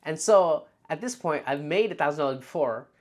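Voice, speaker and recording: A young man talking casually to camera as a vlog host, telling animated stories and acting out his past thoughts, with lots of "like.". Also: on the high side, fairly quick. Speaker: freelance marketer and video host.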